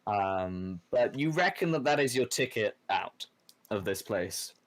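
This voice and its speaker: A man running a tabletop game as game master, rambling and filling pauses with ums. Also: lowish voice, lively intonation. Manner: rambling, many filler words.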